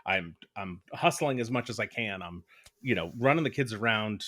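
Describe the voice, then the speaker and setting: A man co-hosting a podcast in casual conversation, speaking haltingly with frequent restarts as he searches for his words. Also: lowish voice, expressive, a bit bright. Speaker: podcast co-host.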